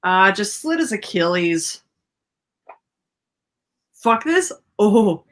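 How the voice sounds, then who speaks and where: A young woman hosting a casual movie watchalong who swears freely, laughs often and reacts loudly to the film. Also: mid-range voice, very animated, extremely slow.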